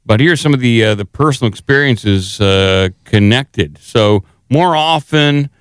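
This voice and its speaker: Male podcast co-host, smooth and clear, dry close mic, playful reader of quotes. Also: medium pitch, expressive, a little slow, dry recording. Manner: playful, reads quotes in a mock accent. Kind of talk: casual chat, reading articles aloud.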